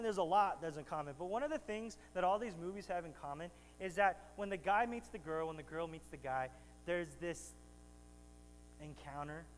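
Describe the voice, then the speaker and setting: A man's voice: on the high side, slight background noise. Playful preaching man in a reverberant church. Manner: playful, bantering with the congregation, rising to emphatic preaching. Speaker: pastor. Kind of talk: sermon. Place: church sanctuary.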